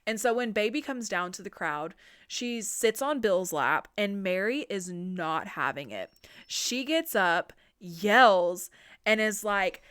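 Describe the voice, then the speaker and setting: A woman's voice: medium pitch, slow pace, smooth. Chatty, swearing woman recapping a horror film. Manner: animated, profane, chatty. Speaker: podcast host. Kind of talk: casual movie recap.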